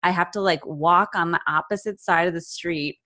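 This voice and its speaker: Woman co-host, low-pitched but bright tone, chatty and rambling, casual podcast talk. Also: normal speed. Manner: laughs often, rambling and chatty. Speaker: teacher. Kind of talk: casual chat.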